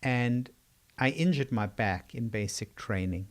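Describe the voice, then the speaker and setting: An older South African man with a South African accent speaks at a medium pitch and a slightly slow pace. He is a psychiatrist appearing as a guest, answering interview questions thoughtfully and in the manner of a storyteller.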